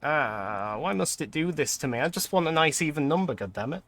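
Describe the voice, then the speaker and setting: Young male streamer, bright clear tone, chatty, laughs a lot. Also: on the high side, expressive, brisk, a little hiss or hum. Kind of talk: casual gameplay commentary.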